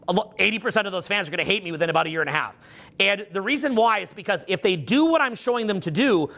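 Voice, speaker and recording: Middle-aged man, seminar coach, high and bright, animated storytelling with salty language. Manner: animated, profane storytelling with acted-out quotes. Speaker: social skills coach. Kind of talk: live seminar talk.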